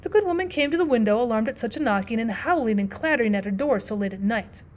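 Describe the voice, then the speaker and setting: A woman teacher narrating a classic story aloud, expressive and lively, dropping in casual asides. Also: on the high side, quick pace. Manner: expressive, with frequent "well" asides.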